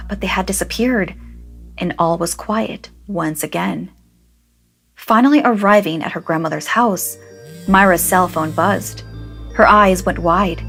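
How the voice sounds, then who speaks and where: A woman narrating a scripted horror story in a measured, dramatic way, slowing down for suspense. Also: medium pitch, a bit bright.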